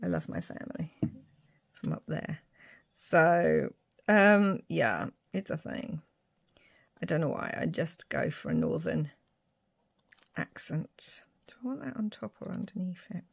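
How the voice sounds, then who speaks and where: Slow, chatty woman crafting. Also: on the low side, very animated, creaky, husky. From Ireland. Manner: chatty, mutters asides to herself. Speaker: craft vlogger. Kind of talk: casual craft chat.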